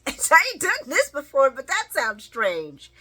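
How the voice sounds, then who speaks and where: A woman casually recapping a soap opera episode, chatty and animated, laughing often as she retells scenes. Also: high-pitched, measured pace.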